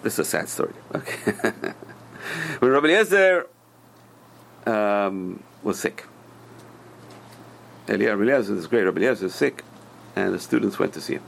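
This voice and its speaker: A man teaching a Torah class, telling stories in an animated way and swinging between loud and hushed delivery. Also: fairly low pitch, normal speed, creaky, pauses often, slight background noise. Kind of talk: storytelling sermon.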